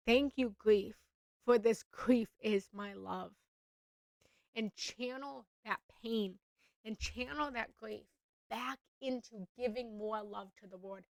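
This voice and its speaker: A young adult woman, a spiritual coach, speaking earnestly in a live coaching session, repeating gentle affirmations. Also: fairly high pitch, gravelly, no room sound.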